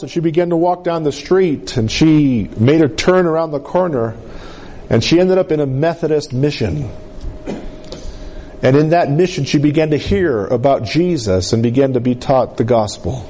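Man, preacher, high voice, sermon storytelling, slow dramatic delivery, sweeping pitch drops. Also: lively intonation, warm tone.

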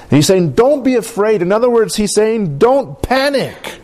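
A man's voice: high voice, very animated, moderate pace, darkish tone. Emphatic man preaching a sermon. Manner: storytelling, emphatic with rising intensity.

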